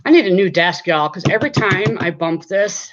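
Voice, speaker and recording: A woman's voice: medium pitch, lively intonation, normal speed, slight background noise. Chatty woman on a lo-fi live stream. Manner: chatty, talks straight to viewers. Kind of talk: casual live-stream chat. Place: home desk.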